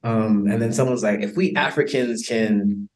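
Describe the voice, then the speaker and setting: An American man with an American accent, a podcast guest talking in a casual, animated way, laughing often and using many fillers. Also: fairly low pitch, normal speed. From United States. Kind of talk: casual interview chat.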